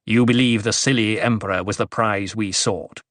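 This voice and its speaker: A man's voice: steady tone, normal speed, a bit bright, no echo, studio quality, lightly acted. A man voicing a spiteful, scheming male dwarf with a whining voice and taunting chortles, read as an audiobook character. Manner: chortling, taunting, sudden high squeals.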